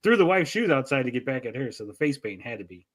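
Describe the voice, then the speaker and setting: A man's voice: mid-range voice, very animated, fast, a bit bright. A man co-hosting a casual podcast chat, telling stories animatedly and swearing freely. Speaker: podcast co-host.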